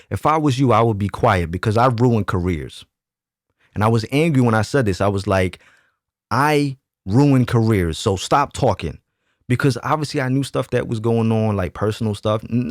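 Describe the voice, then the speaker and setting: Low-voiced man telling a heated story. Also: dry recording, clean studio sound. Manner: animated, reenacts quoted arguments in changing voices; slangy, repeats himself for emphasis. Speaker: channel host. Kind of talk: casual storytime monologue to camera.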